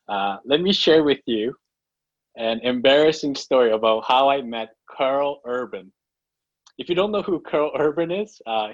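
A man's voice: mid-range voice, no room sound. Self-mocking man preaching, lo-fi. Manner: self-deprecating storytelling with many fillers. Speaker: pastor. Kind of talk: sermon. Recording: dull lo-fi recording.

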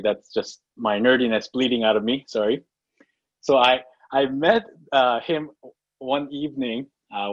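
A pastor telling a self-mocking story in a sermon, with many fillers and restarts. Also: male voice, medium pitch, dry recording. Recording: dull lo-fi recording.

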